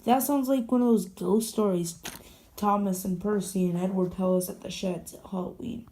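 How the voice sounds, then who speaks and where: A woman's voice: medium pitch, steady tone, normal speed, mellow, a little hiss or hum, pitched below the performer's own voice, natural voice, low-quality recording. A woman voicing a male steam engine who reassures others in an offhand way. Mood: reassuring.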